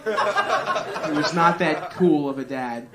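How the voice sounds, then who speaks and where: A man's voice: a little high, expressive, slow. Rambling, profane stand-up comedian man. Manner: rambling, profane, self-deprecating. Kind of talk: stand-up crowd work. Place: comedy club stage. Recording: live comedy club with crowd noise.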